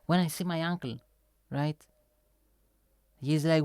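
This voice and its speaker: A young man, telling a rambling, animated travel story on a vlog, full of filler words and sound effects. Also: on the high side, slow, pauses often, clean tone, no room sound. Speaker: vlogger. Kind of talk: casual storytelling chat.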